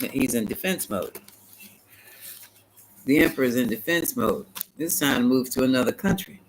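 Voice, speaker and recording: A man giving a live-stream tarot reading, chatty and animated, talking back to viewers and laughing often. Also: mid-range voice, moderate pace, long pauses, slight background noise, poor audio. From United States. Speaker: tarot reader.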